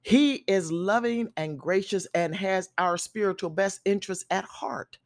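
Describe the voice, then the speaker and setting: A woman evangelist delivering a measured, emphatic sermon and closing her podcast episode as host. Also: medium pitch, a little mellow, no room sound. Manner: measured, emphatic preaching that stresses key words. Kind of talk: recorded sermon with podcast sign-off.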